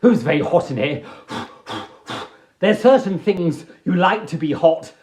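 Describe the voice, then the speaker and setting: A man's voice: fairly high pitch, lively intonation, a little slow, a little mellow, reverberant. A British man hosting a live stream from home, chatting playfully and hamming it up with silly voices and singsong asides. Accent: British English. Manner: hammy, singsong, drifts into silly voices and humming. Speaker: live-stream host answering viewer prompts. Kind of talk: playful, theatrical chat. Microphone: phone.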